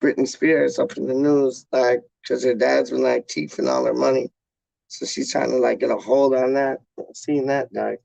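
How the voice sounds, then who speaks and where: A man's voice: medium pitch, flat delivery, moderate pace, gravelly, darkish tone, no room sound, lo-fi sound. A man chatting casually on a live stream, slangy and laid-back, answering questions from viewers. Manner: slangy, laid-back, says "dog" and "straight up". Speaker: vlogger answering chat questions.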